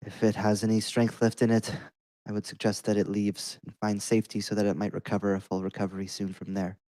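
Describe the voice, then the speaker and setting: A man voicing a gentle male half-orc translator who speaks formally and apologetically. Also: on the low side, monotone, close to an everyday voice, low-quality recording. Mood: apologetic. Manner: measured and formal.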